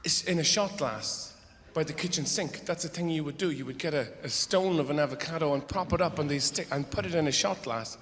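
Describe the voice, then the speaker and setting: A man's voice: a little high, brisk, hardly any pauses, fairly bright tone. A middle-aged man performing stand-up comedy on stage, rambling and sardonic, swearing freely and breaking into outbursts. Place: live theater stage. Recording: echoey theater hall, faint audience.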